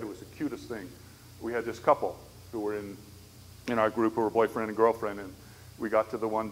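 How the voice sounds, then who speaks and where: A man giving a conversational church conference lecture on disability ministry, telling stories and checking in with the audience. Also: mid-range voice. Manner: conversational, storytelling with frequent "right?" asides. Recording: echoey hall, faint background noise.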